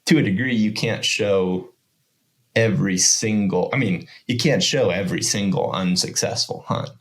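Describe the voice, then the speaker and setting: A man speaking as a guest in a casual chat, rambling and relaxed, with lots of filler words. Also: low voice, normal speed. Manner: rambling, relaxed, many fillers like "you know" and "kind of". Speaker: podcast guest.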